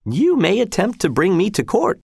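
A man voicing a cheerful, overly polite old executioner in a high, chirpy voice. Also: huge pitch swings, normal speed, creaky, a little mellow, husky, dry recording, studio quality, full character voice. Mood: cheerfully polite.

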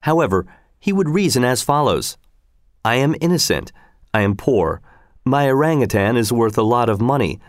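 A man narrating a story aloud in a steady, measured reading manner. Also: mid-range voice, dry recording, clean studio sound. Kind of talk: scripted audiobook narration.

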